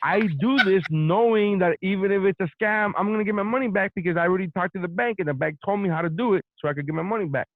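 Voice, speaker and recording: A man hosting a podcast, telling a story in a profane, animated casual rant. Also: high-pitched, fast, few pauses, dry recording. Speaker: podcast host. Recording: dry, phone-like narrow sound.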